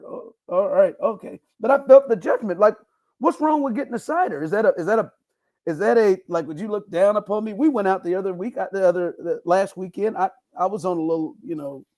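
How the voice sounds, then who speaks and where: A man hosting a casual sports podcast, telling stories with playful mock indignation. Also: high voice. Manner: animated storytelling, playful indignation. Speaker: podcast host.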